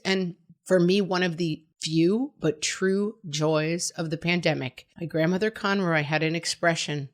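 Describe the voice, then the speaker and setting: A woman's voice: lowish voice, unhurried, few pauses. A middle-aged woman hosting a podcast, giving frank, chatty, reassuring parenting advice. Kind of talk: casual advice monologue.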